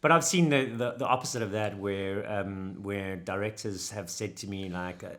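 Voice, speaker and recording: A man's voice: lowish voice, moderate pace. A man who works as a film editor, chatting casually and telling behind-the-scenes stories with lots of fillers. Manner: animated storyteller, acts out quotes, many fillers. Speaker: film editor, podcast guest. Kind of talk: casual chat.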